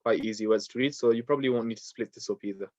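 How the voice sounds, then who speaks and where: A man's voice: lowish voice, racing, no echo, dull audio. A man teaching a beginners' Quran recitation lesson, explaining step by step with a patient, filler-laden manner. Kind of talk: online lesson.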